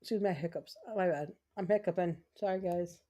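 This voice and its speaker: A woman's voice: on the low side, a little fast, dark tone. Chatty woman streaming a cozy game. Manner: chatty, self-talking, rambling. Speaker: gaming livestream host. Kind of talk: casual chat while playing.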